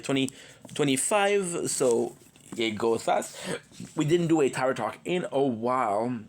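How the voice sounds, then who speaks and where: A tired man with a cold who streams, chatting casually and rambling with jokes to his viewers. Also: medium pitch. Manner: rambling, joking. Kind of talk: casual live-stream chat.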